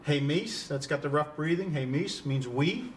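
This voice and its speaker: A Greek instructor leads a beginners' class in a conversational, joking lecture, quizzing his students as he goes and chuckling at his own puns. His voice is slightly high and his pace moderate. The recording is made from some distance in a classroom, with faint background noise.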